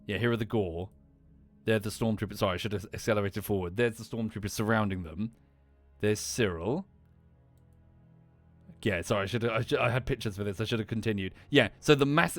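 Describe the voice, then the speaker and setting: A young British man giving casual, rambling commentary as a streamer, full of restarts and fillers. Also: medium pitch. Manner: animated, with many restarts and fillers.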